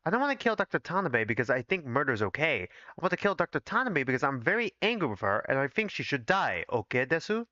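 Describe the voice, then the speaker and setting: Scheming protective doctor, voiced by a man, coaxing and calm about murder, dull dry audio. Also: fairly high pitch, quick pace, hardly any pauses, no room sound. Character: scheming male doctor, protective older-brother type.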